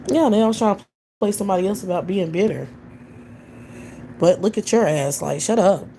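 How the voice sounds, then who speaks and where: A woman's voice: mid-range voice, a little fast, warm tone, slight background noise. A woman hosting a livestream, ranting bluntly with heavy profanity. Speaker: livestream host. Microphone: computer or phone mic on a livestream.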